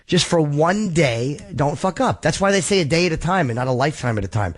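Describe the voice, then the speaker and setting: A man hosting a call-in show, talking quickly in a slightly high voice. He gives callers blunt, profane and reassuring advice. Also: big pitch swings. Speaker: podcast host taking calls.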